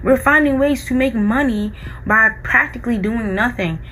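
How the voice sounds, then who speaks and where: A woman's voice: on the high side, moderate pace, pushed and bright, a little hiss or hum, poor audio. A woman vlogger in casual chat, rambling with lots of likes and restarts.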